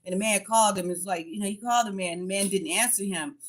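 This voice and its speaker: A woman who hosts a tarot channel talks loosely on a livestream. She tells her story in a frank, swearing, unfiltered way, at a middle pitch for a woman. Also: fast talker. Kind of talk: casual livestream chat.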